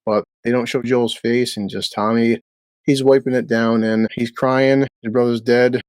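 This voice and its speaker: A man's voice: medium pitch, little pitch movement, unhurried, a little mellow, dry recording. A man giving a casual recap of a TV episode, blunt and sarcastic, swearing freely. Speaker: show recap host.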